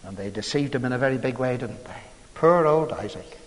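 A man's voice: mid-range voice, expressive, brisk. A man preaching a storytelling sermon in a chatty way, full of rhetorical tag questions. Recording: long hall reverb.

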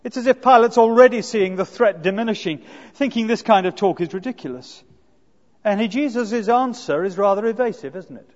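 A man with a notably high voice delivers an earnest expository sermon, leaning on rhetorical tag questions. The sound is dull and lo-fi. A long hall reverb trails after his words. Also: lively intonation, brisk, a little mellow. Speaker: preacher.

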